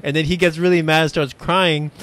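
Male podcast host, voice a touch high; relaxed talk full of restarts and repeated words, laughs often. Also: normal speed. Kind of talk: casual chat.

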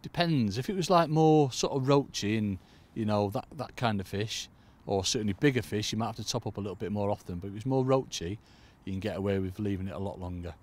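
Bloke, lowish voice, chatty fishing coach talking to the viewers outdoors by a lake. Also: male voice, quick pace, few pauses, darkish tone. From United Kingdom. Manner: chatty, keeps addressing "folks". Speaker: angling coach. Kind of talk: casual fishing tutorial. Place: lakeside outdoors in cold weather.

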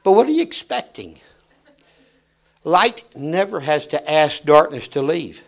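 A middle-aged man preaching with a fairly high voice. He drops to a hush, then rises to a shout as he tells stories from the pulpit. The sermon is dramatic and full of anecdotes. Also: sing-song, measured pace, creaky. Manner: dramatic swings from hushed to shouting, storytelling preacher.

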